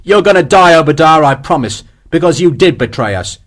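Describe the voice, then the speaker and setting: A hard, vengeful soldier snarling threats at a traitor, as a male narrator plays him. His delivery is forceful with lively rises in pitch. An audiobook hero in a cold rage. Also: normal speed. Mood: furious.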